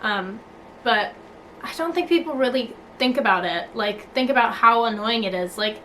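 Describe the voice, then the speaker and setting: A woman's voice: a little high, normal speed, sharp tone, slight background noise, low-quality recording. Blunt young woman ranting to camera. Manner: blunt, swears freely, many filler likes and restarts. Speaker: vlogger. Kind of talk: casual talking-to-camera rant.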